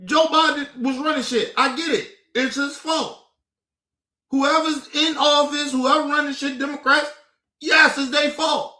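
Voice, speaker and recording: Streamer, male, high and bright-voiced, heated rants with shouted bursts, roomy sound. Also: steady tone, unhurried. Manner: profane, exasperated ranting, rising to shouts. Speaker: political commentary streamer. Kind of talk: casual heated commentary.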